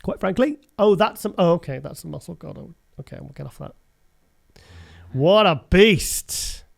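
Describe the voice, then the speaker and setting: Male host, higher pitch, loose rambling chat with frequent laughs. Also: lively intonation, fast, vocal fry, slightly rough. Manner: chatty, rambling, laughs often. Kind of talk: casual show commentary.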